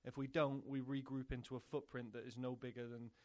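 A man's voice: medium pitch, little pitch movement, a little fast. A man who coaches soccer, a guest on a podcast interview, explaining his ideas in a casual way, often repeating words as he thinks.

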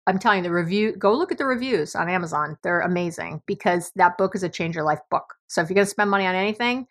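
This podcast host is a middle-aged New York woman whose low-ish, animated voice moves quickly in her New York accent. Her monologue is blunt and emphatic, and she swears without holding back.

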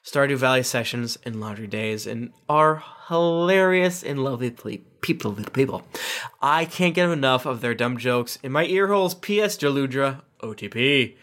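A man's voice: mid-range voice, expressive, normal speed, a bit bright. A man hosting a casual podcast, reading listener reviews aloud with playful voices and asides.

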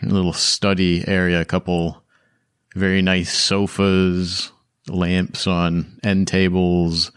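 A man narrating as the game master of a tabletop game, describing scenes in a measured way. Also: low-pitched, completely flat delivery, smooth, dry recording, clean studio sound.

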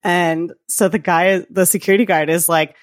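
A woman co-hosting a podcast, retelling scenes in a lively casual chat and acting out the people in them. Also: lowish voice, a little fast. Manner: animated retelling with quoted voices and frequent laughs. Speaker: podcast co-host.

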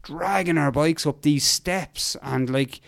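An Irish man telling a long cycling story as a podcast guest, rambling and animated, with lots of fillers, and he slips into voices to quote people. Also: fairly high pitch, takes it slowly, creaky, no room sound, studio quality. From Ireland. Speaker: podcast guest, endurance mountain biker. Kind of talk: casual storytelling chat.

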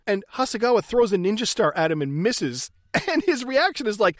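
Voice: medium pitch, very animated, fairly quick, few pauses, no echo, clean studio sound. A speaker in casual, profane chat, recapping a movie with laughter and acted-out lines. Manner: profane, laughing, acts out characters.

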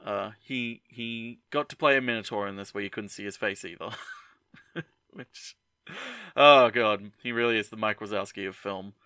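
A man's voice: on the low side, moderate pace, pushed and bright, no room sound, clean studio sound. A man co-hosting a podcast, casually rambling through trivia with jokes and laughter. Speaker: podcast co-host. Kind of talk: casual chat.

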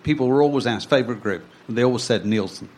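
A man with a middle-pitched voice co-hosts an interview, chatting casually and chiming in with short remarks. He adds his own memories to the conversation. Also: fast, a little mellow. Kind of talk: casual chat.

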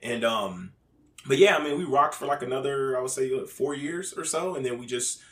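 A man's voice: medium pitch, lively intonation, fairly quick, a bit bright. A man in casual, candid chat, full of fillers and swearing freely. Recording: roomy echo.

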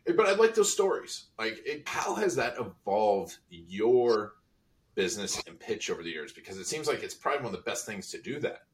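Brief: deepish male podcast host, easygoing, a bit off-mic. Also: very animated, fairly quick, slight background noise. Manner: agreeable, short affirmations. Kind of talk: casual interview chat. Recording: distant from the mic.

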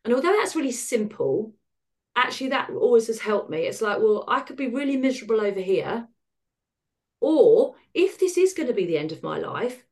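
A middle-aged woman appearing as a podcast guest tells her story candidly and wryly, with an animated delivery. Her voice is on the high side at a normal speed, and she slips into the voices of people she quotes.

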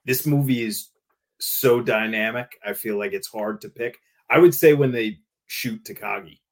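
A man's voice: medium pitch, normal speed. A man appearing as a podcast guest, talking casually and enthusiastically with lots of fillers. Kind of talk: casual chat.

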